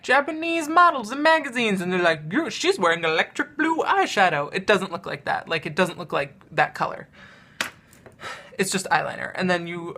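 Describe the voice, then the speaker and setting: A woman's voice: mid-range voice, sharp tone. A young woman vlogging about her makeup in a casual, rambling chat full of fillers, showing products as she talks. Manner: chatty and rambling, lots of "um" and "like", laughs often; demonstrates products while talking.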